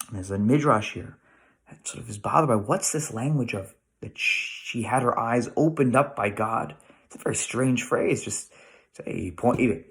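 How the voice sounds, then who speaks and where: A middle-aged American man giving a casual Torah lesson, thinking aloud with restarts and rhetorical questions. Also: mid-range voice. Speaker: rabbi teaching weekly Torah lesson.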